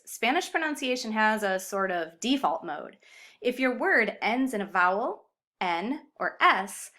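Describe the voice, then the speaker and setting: A woman explaining grammar in a clear, upbeat video lesson with Spanish example words. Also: medium pitch, bright, forceful tone. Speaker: Spanish teacher.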